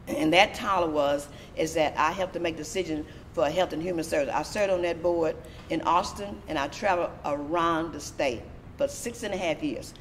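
Animated woman telling a story. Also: sits low, slight background noise. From Texas. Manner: lively, animated retelling with laughter. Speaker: disability advocate. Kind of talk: storytelling interview.

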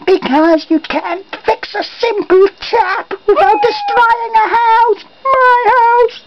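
Woman voicing a high, slow, sulky dinosaur, dull lo-fi home recording. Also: a loud crowd, heavily acted. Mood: wailing. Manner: indignant, sulky, wailing complaints. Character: angry, whiny male dinosaur homeowner. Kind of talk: homemade toy comedy skit.

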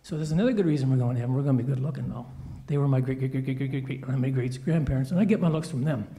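A man telling a children's story in a church service, playful and animated, acting out quoted lines. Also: mid-range voice, rapid-fire.

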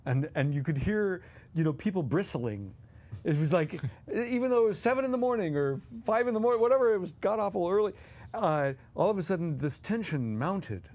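This guest co-host's voice is high-pitched and a little fast. He tells podcast anecdotes animatedly, chuckling as he goes and putting on voices.

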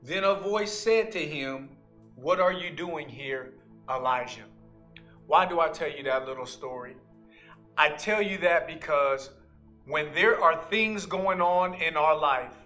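A man's voice: high voice, sharp tone. A man, an associate pastor, preaching a sermon in an earnest storytelling manner.

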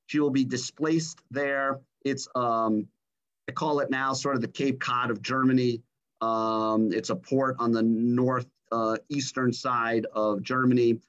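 A man's voice: medium pitch, a bit bright. A middle-aged man tells a family story as a guest speaker, with many ums and uhs. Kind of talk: storytelling talk. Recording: dull, slightly lo-fi sound.

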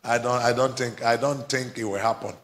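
Male pastor, bright tone, fervent call-and-response preaching. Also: medium pitch, steady tone, a little fast, a little hiss or hum. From Nigeria. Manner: exhorting, climbs to fervent shouting, prompts replies. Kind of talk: live sermon with call and response. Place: church service before a congregation.

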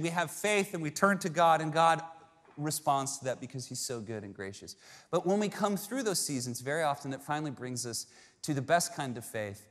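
A male pastor preaching a sermon, animated storytelling that acts out the voices of characters. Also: medium pitch. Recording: long reverb of a large hall.

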